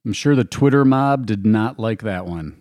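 A man's voice: fairly low pitch, lively intonation, moderate pace, a little mellow, no echo. A man co-hosting a podcast, casual chat with dry, teasing humor. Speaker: podcast co-host.

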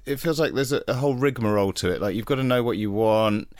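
A man's voice: on the low side, fast, a little mellow, dry recording. A man hosting a podcast in a casual, rambling interview chat. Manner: chatty, rambling asides. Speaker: podcast host.

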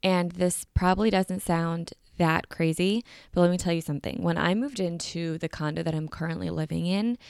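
A woman's voice: fairly low pitch, steady tone, moderate pace, creaky, hardly any pauses, darkish tone, clear, resonant tone, no echo, clean studio sound. A young woman hosting her podcast in casual, rambling chat, with a groggy morning voice. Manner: chatty, rambling, upbeat. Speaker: podcast host.

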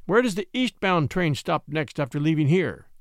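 A man's voice: on the high side, animated, normal speed, no echo, clean studio sound. Man doing a cool, cunning young attorney. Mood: stern. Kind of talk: audiobook character voice.

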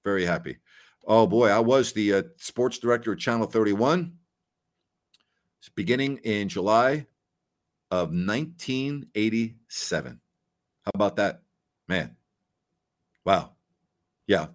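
A man's voice: lowish voice, lively intonation, a little slow, pauses often. A man in his sixties hosting a sports talk show in a folksy, exclamatory, rambling way. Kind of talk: casual chat.

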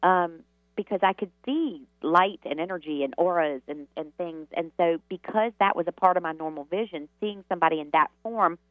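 A woman's voice: lowish voice, moderate pace, dry recording. Woman telling stories over a tinny phone line. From Southern United States. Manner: rambling, with many fillers and restarts. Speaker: guest. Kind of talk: storytelling interview answers.

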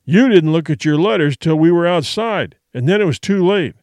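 A man putting on a hoarse drunken sea captain in an audiobook reading, resentful and snarling, his accusations pushed out loud and sharp, with a lively rise and fall, in a dry close sound with no room echo. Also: on the high side, moderate pace. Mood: bitter, accusing. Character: hostile drunken male ship captain, resentful.

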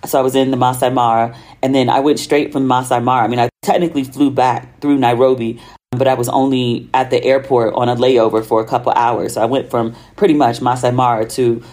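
An American woman hosting a podcast, telling travel stories in a chatty, animated way and acting out the voices of people she quotes. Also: very deep voice, fairly quick. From United States. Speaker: podcast host. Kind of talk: casual monologue.

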